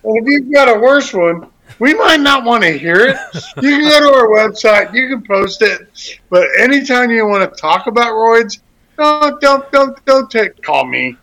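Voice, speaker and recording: A man's voice: very high-pitched, very animated, moderate pace, sharp tone, low-quality recording. A man hosting a casual talk show, rambling with crude jokes and many restarts. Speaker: radio show host.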